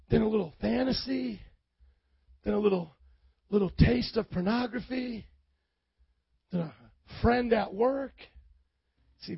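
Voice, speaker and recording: A pastor preaching a sermon, acting out the excuses of his listeners in an animated way. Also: very high-pitched, creaky, breathy edge, no echo, muffled recording.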